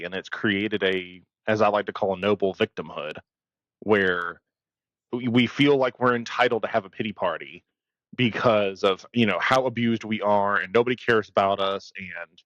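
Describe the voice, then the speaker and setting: A man's voice: on the low side, normal speed, fairly bright tone, no echo, highs cut off. A man co-hosting a podcast about emergency medicine, speaking bluntly and with firm opinions, now and then swearing. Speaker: podcast co-host. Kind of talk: casual podcast conversation.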